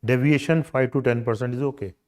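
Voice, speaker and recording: A man's voice: medium pitch, fairly even intonation, brisk, darkish tone. A man in his sixties with an Indian accent, giving an emphatic, demonstrative coaching lecture on interview skills.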